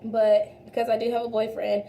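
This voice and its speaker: A woman's voice: a little high, flat delivery, normal speed, mellow, a little hiss or hum. A young woman chatting casually while doing her makeup, talking straight to her viewers as y'all and trailing off into restarts. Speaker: beauty vlogger. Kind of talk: casual makeup tutorial chat.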